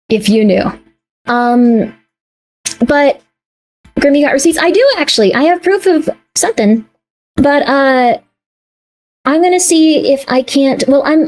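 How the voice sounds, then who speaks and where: A woman streamer on a livestream, upset and annoyed, then talking herself back into calm. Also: high voice, slight background noise. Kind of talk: livestream talk.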